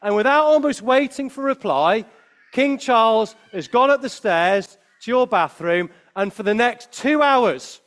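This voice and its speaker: Man, high voice, lively children's talk at church, quizzing the kids. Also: a little slow. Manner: lively, addresses children with questions. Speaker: preacher at a family Christmas service.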